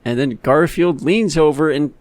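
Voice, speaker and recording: A man's voice: fairly high pitch, normal speed, darkish tone, dry recording. A man co-hosting a let's play in casual banter, giggling as he describes comic panels in detail.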